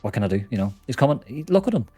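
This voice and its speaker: A young man hosting a casual co-op gaming stream, laid-back and quick to laugh while keeping up with his chat. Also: medium pitch, big pitch swings, dark tone, faint music behind. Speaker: streamer and host.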